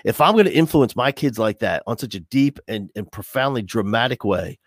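A man's voice: medium pitch, brisk, no echo, studio quality. A middle-aged man, an educator as podcast guest, talking casually and animatedly, with many restarts. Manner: animated, restless, full of restarts.

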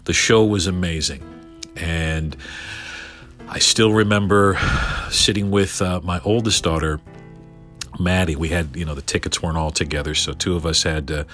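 A middle-aged man telling a story casually, animated and excitable, often stumbling over his words with restarts. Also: deep voice, moderate pace, pauses often, soft background music. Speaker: podcast guest telling a story.

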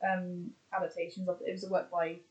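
A woman's voice: on the low side, flat delivery, quick pace, highs cut off. Chatty woman listing film genres. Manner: chatty, lists examples with many fillers and restarts. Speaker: podcast co-host. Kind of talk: casual chat.

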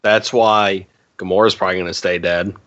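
A man's voice: low voice, steady tone, a little fast, fairly bright tone, dull audio. A man co-hosting a podcast as the comics expert, chiming in with short matter-of-fact remarks. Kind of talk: casual podcast chat.

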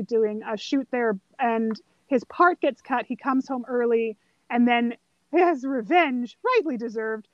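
A woman with a high, bright-pitched voice talks through a film in relaxed conversation, now and then slipping into the characters' lines. The sound is dry and close, a little dull in the highs. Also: no echo. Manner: animated storyteller, acts out quoted lines. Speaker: podcast co-host. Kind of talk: casual film discussion.

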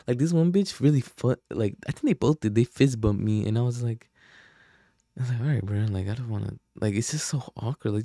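A man's voice: fairly low pitch, dark tone, no echo, clean studio sound. A young man from Oakland, hosting a podcast and telling a rambling, profane story full of slang and fillers. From Oakland, California. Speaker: podcast host. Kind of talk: casual storytelling.

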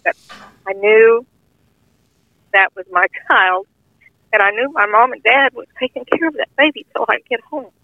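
A woman's voice: a little high, animated, moderate pace, long pauses, no room sound. Older woman telling testimony over the phone. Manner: earnest, heartfelt, informal grammar. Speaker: guest sharing a testimony. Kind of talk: personal testimony storytelling. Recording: tinny phone-line audio, dry.

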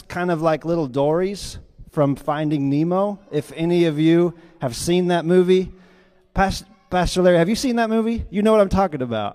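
A man preaching a sermon as pastor, telling stories with lively swings between loud, quick lines and hushed, quiet ones. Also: fairly high pitch. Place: church sanctuary. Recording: long hall reverb.

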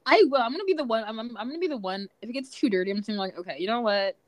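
A young woman co-hosting a podcast in casual chat, talking fast with lots of "like" fillers. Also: fairly high pitch, no room sound. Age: young adult. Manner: chatty, many "like" fillers. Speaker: podcast co-host.

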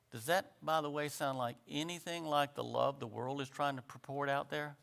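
A man preaching a sermon, swinging between loud exhortation and quiet reflection and calling out "Amen" to the congregation. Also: fairly high pitch, fairly even intonation, moderate pace, creaky, few pauses.

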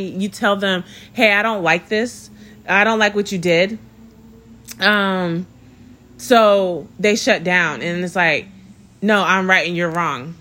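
Laughing, slangy young woman telling a story. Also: medium pitch. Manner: animated, laughing often, slangy and conversational. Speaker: podcast host. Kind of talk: casual storytelling monologue.

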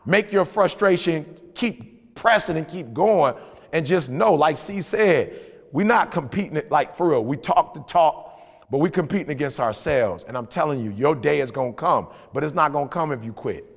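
A man's voice: on the high side, moderate pace, vocal fry, long reverb tail. A man co-hosting a podcast, telling motivational stories in slangy casual talk and acting out other people's voices. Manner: animated storytelling, acts out voices, slangy. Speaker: podcast co-host.

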